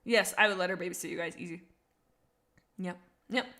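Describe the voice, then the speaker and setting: A young woman with a lowish voice talks fairly quickly during a casual live stream. Gushing and excitable, she chats with viewers, reads chat aloud, and raves about characters she loves.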